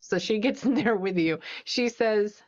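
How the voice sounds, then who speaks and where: A woman psychic medium in a casual one-on-one reading, chatty and animated as she retells what she hears. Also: mid-range voice, a little slow, dull audio.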